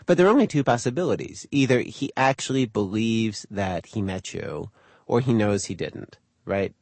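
A male host with a gravelly, husky voice narrates and talks with his guest, reflective and thinking aloud. The sound is dry and close-miked. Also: lowish voice, expressive, normal speed, darkish tone, no echo. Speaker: radio show host. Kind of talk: narration and interview.

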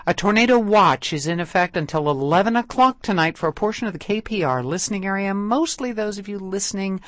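Lively newsreader in a dry studio. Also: mid-range voice, no echo. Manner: measured, clear newsreader delivery. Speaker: local public radio newscaster. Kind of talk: scripted news reading. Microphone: studio microphone.

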